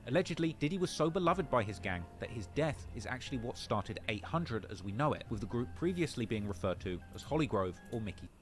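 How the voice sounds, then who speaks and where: A man with a British accent narrating a documentary script in a steady, factual tone. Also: mid-range voice, brisk, hardly any pauses, faint music behind. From United Kingdom.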